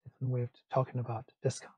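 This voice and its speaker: A man teaching a language lesson, explaining in English between slow examples with many fillers. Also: mid-range voice, completely flat delivery, darkish tone, husky, dry recording, rough recording. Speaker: Mandarin teacher.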